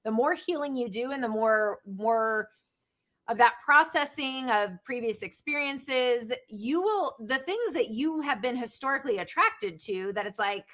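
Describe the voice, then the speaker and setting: A woman with a somewhat high voice hosts a conversational interview. She speaks as a therapist. She explains her points in a reflective, measured way. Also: animated, a bit bright. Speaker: host and therapist.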